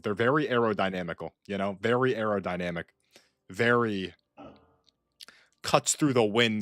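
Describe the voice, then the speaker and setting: Young male streamer, low voice, dry close mic, rambly casual chatter. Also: a bit bright, no echo. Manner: rambling, full of "like" and restarts. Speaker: gaming streamer. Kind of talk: casual gaming chat.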